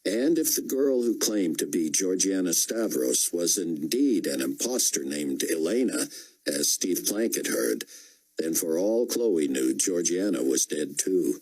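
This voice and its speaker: Brief: low-voiced male narrator, husky texture, lively inflection. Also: unhurried, low-quality recording. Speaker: audiobook narrator. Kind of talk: scripted narration.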